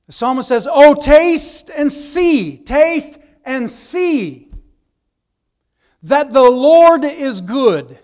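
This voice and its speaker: A man with a very high voice delivers a sermon at an unhurried pace. He drops low for asides and lifts his voice for emphatic points. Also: lively intonation. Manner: preaching with swings between quiet asides and raised emphatic lines. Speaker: preacher.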